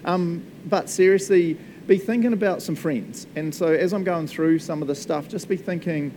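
A man's voice: fairly high pitch, normal speed, few pauses, background noise. A man preaching a casual, jokey sermon as pastor, laughing often and checking in with the congregation. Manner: chatty, jokey, laughs often, asks the room "eh?".

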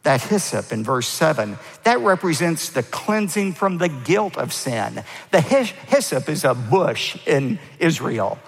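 A man preaching a sermon as pastor, stressing key words with rising pitch and letting phrase ends fall low. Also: sing-song, unhurried, few pauses, soft background music. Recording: long hall reverb.

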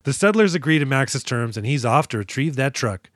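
A man's voice: medium pitch, lively intonation, brisk, dry recording, studio quality. A man co-hosting a movie podcast, recapping scenes in a casual, profane, wry way with mocking asides. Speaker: podcast co-host.

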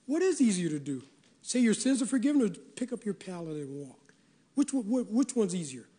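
A man's voice: high voice, very animated, fairly quick, dark tone, slightly rough. A male pastor preaching a folksy, emphatic sermon to his congregation, slipping into quoted voices.

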